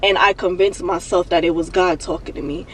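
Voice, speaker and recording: A young woman on the edge of tears talks into her phone from a parked car, halting and repeating herself as she vents. Her voice sits a little back from the mic, with a faint hum of road and cabin noise underneath. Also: lowish voice, steady tone, a bit bright, recorded from a distance, poor audio. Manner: raw, halting, repeats herself while venting. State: emotional, near tears. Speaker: vlogger. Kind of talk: emotional confessional vlog.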